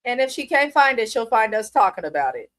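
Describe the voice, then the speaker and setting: A woman's voice: fairly high pitch, very animated, brisk, a bit bright, no room sound. A woman co-hosting a reality show recap in casual chat, blunt, profane and playfully dramatic.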